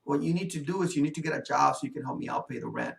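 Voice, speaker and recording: A man's voice: on the high side, rapid-fire, creaky, fairly bright tone, echoey room, distant mic. A man voicing his worried, hard-working mother as he retells a story, her speech pleading and insistent.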